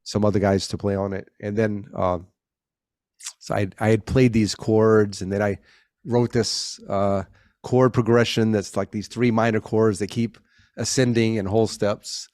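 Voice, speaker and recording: A man's voice: lowish voice, level tone, a little slow, darkish tone, no room sound, studio quality. A middle-aged man telling anecdotes in a casual interview as a guest, with frequent restarts and self-corrections, and he acts out the voices he quotes. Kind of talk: casual conversational storytelling.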